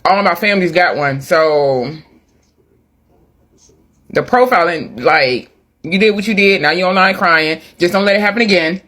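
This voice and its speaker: A man with a high voice delivers a casual reaction rant to his followers. He sounds exasperated and emphatic, and he mocks the people he is talking about. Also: moderate pace, pauses often, pushed and bright. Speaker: social media commentator.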